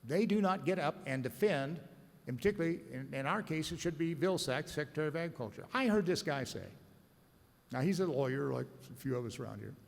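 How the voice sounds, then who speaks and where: A man's voice: fairly high pitch, lively intonation, fairly quick, creaky. A man, an agricultural lawyer, giving a blunt, combative, sardonic conference speech to a room of listeners. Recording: reverberant conference hall.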